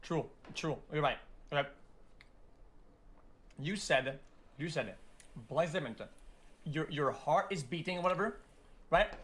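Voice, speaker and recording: A man's voice: a little high, unhurried, long pauses, fairly bright tone. A man in a heated casual debate, rambling and stumbling over repeated words. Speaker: streamer in a debate.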